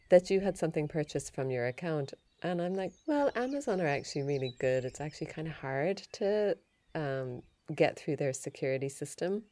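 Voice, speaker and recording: A woman hosting a yoga and Ayurveda podcast, telling a story in a chatty, animated way. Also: deep voice, brisk, dry recording. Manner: chatty, animated retelling with laughs and restarts.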